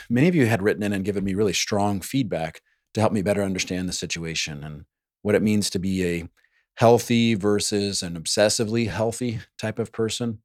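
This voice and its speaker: A man's voice: on the low side, no echo. Playful man hosting a podcast, dry close sound. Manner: playful, jokey asides. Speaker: podcast host. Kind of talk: solo podcast monologue.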